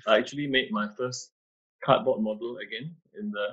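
A man, an architect answering interview questions over a video call, halting and restarting often. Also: fairly low pitch, fairly even intonation, a bit bright, husky. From Malaysia. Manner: hesitant, many restarts and fillers. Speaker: architect, panel guest. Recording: muffled video-call audio.

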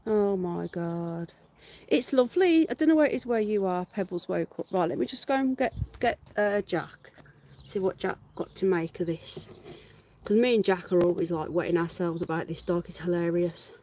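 A woman's voice: fairly low pitch, brisk, warm tone. A middle-aged British woman chatting casually on a live stream from her back garden, laughing and swearing freely. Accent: British English.

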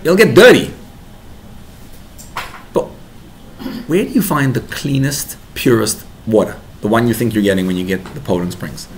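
A man's voice: on the low side, animated, normal speed, a crowd in the background. A man giving a Torah class to parents as a rabbi, talking animatedly and building to emphatic bursts.

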